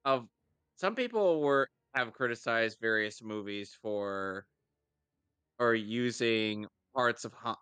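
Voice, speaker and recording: A man's voice: medium pitch, lively intonation, slow, fairly bright tone, clear, resonant tone, no room sound. A man co-hosting a podcast, explaining points and making wry remarks while watching a movie. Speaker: podcast co-host. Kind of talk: casual movie-riffing chat.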